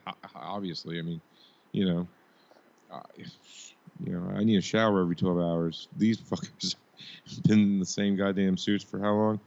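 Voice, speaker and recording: Rambling, profane co-host on a dull mic. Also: male voice, deep voice, steady tone, moderate pace, creaky, darkish tone. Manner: profane, laughs often, rambling. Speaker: podcast co-host and editor. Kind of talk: casual chat reviewing a TV episode.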